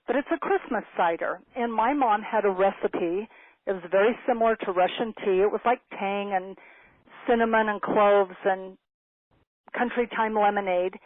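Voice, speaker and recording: A woman in her fifties telling a personal story as a motivational speaker, animated and acting out the dialogue she quotes. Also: medium pitch, normal speed, no echo. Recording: tinny phone-like, dry sound.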